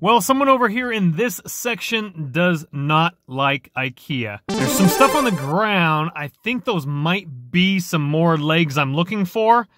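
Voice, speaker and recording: A man vlogging outdoors while dumpster diving, chatty and excitable, thinking aloud to the camera. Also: a little high, measured pace, hardly any pauses, music in the background. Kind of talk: casual vlog narration while dumpster diving. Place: outdoors by apartment complex dumpsters.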